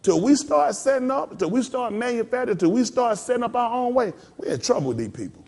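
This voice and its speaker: Animated high-voiced preaching man. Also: fast, creaky. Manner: folksy preaching with mock voices and laughter. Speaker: pastor. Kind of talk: sermon.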